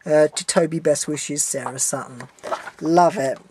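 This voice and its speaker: A young man talking to camera in a casual vlog from a room at home. He rambles on in an animated way, trips over his words and restarts often. He swears freely when he gets worked up. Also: on the high side, a little slow, slight background noise. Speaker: vlogger.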